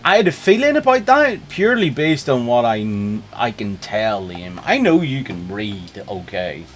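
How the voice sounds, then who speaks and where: A man's voice: medium pitch, moderate pace, slight background noise. A man streaming a game, talking casually and jumping between topics with chat. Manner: animated, chatty, jumps between topics.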